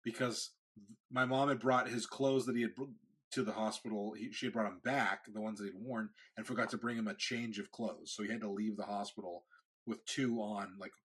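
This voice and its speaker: A man's voice: on the low side, fairly quick, husky. A man in his thirties, a podcast host, telling a story in casual chat and acting out the quotes. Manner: animated storyteller, acts out quotes.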